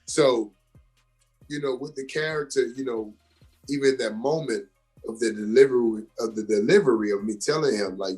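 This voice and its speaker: Young guy from georgia, kinda husky, telling a story all fired up in a chill interview. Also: medium pitch, brisk, soft background music. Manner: animated, emphatic storyteller. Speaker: actor and comedian guest.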